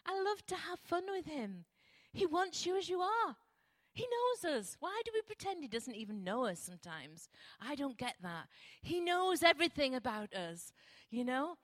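Brief: older woman, emphatic sermon in church, repeats phrases, high-pitched. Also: big pitch swings, normal speed, dry recording. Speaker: guest preacher.

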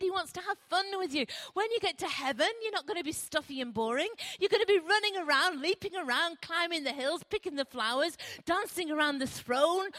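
Brief: older woman, emphatic sermon in church, repeats phrases, high-pitched. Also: bright, forceful tone, no room sound. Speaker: guest preacher.

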